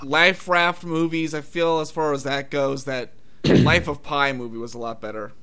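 A man's voice: fairly high pitch, steady tone, moderate pace, pushed and bright, clean tone. A man co-hosting a casual movie chat, rambling and hedging as he talks. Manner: rambling, hedging with "I mean" and "it's like".

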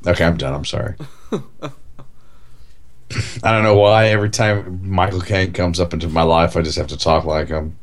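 A man's voice: low-pitched, little pitch movement, normal speed, pauses often. A man co-hosting a casual chat, rambling with lots of "like" and "you know". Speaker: podcast co-host.

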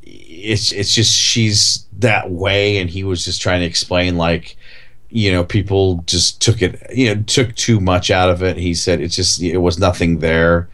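A man's voice: deep voice, steady tone, a little slow, fairly bright tone. A man co-hosting a casual chat, rambling with lots of "like" and "you know". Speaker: podcast co-host.

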